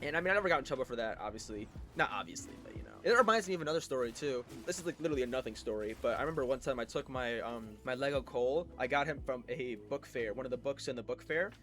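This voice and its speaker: A young man telling childhood stories in a casual storytime, rambling and excitable with lots of fillers and restarts. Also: medium pitch, very fast, hardly any pauses.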